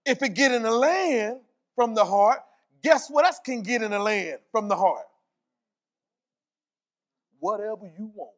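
High-voiced preaching pastor, emphatic. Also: male voice, expressive, unhurried, pauses often. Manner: preaching with rising, emphatic repetition and scripture quotes. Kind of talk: sermon. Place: church.

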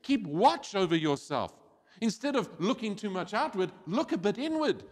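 A man preaching a sermon as pastor, animated and acting out quoted voices. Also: high voice, moderate pace. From South Africa. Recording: church hall with long reverb.

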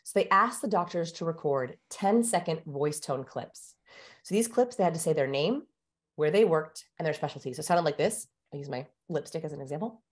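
Low-voiced woman explaining with energy. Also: fairly quick. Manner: animated, teacherly, shifts pace for emphasis. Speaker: guest expert on communication. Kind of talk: explanatory interview talk.

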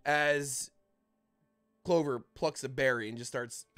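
A man running a tabletop role-playing game as dungeon master, narrating in a casual, halting way with frequent restarts. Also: mid-range voice, steady tone, fairly bright tone, smooth, faint music behind. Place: home streaming setup.

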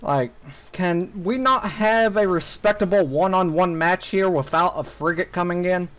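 A man's voice: high voice, a little slow, fairly bright tone, low-quality recording. A young man commentating his own gameplay, talking to viewers and ranting with lots of swearing when things go wrong. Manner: frustrated ranting with heavy swearing. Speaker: gaming YouTuber.

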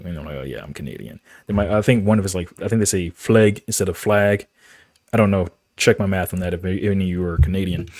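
Casual male vlogger, low voice, rambling delivery, dry close sound. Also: a little mellow, dry recording. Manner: rambling, many fillers and restarts. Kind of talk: casual talk to camera.

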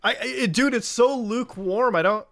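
A young man chatting casually on a livestream, swearing a lot, getting excited and laughing often. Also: very high voice, normal speed, vocal fry. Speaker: streamer.

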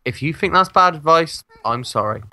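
A man's voice: fairly high pitch, lively intonation, moderate pace, pushed and bright. A man joking and swearing while playing a game with a friend. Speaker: gamer co-host. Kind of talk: casual gaming chat.

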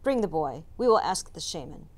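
A woman voicing a gruff red-bearded hunter chief in a storybook read-aloud, speaking in a stern, commanding way. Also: deep voice, very animated, moderate pace, darkish tone.

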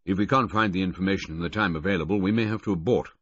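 A man's voice: low voice, very fast, a bit bright, dry recording, lo-fi sound. A man reading the part of a dry, commanding older officer in an audiobook, clipped and terse.

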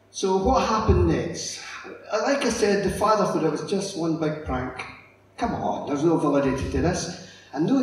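A middle-aged man giving a lively, storytelling conference talk and acting out the characters. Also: fairly high pitch. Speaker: conference speaker. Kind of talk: illustrated public lecture. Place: conference hall. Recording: echoey hall, distant mic, faint noise.

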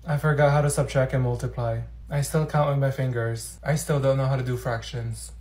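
Short comedy skits come from a man who creates sketches, his medium-pitched voice holding a steady tone as he jumps fast from one schoolgirl character to another and lets loose with sassy shouting.

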